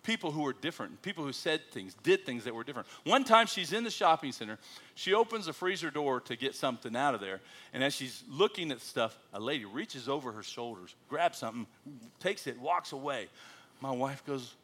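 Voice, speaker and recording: This American missionary pastor delivers a church sermon full of folksy, humorous stories, telling them with animation and poking fun at himself. His voice is medium in pitch and he talks a little fast.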